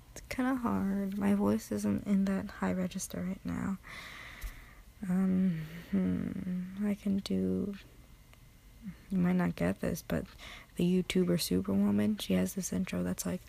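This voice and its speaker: A woman's voice: mid-range voice, fairly even intonation, unhurried, vocal fry, long pauses, fairly bright tone, breathy edge. A tired woman rambling late at night in a recorded audio answer, drifting into half-whispers, mocking herself and swearing casually. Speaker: amateur audio creator.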